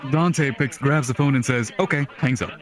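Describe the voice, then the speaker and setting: With a crowd in the background, a young man recounts a long, profane tale over online voice chat. His medium-pitched voice moves at a moderate pace, lively and casual as he acts out the quotes.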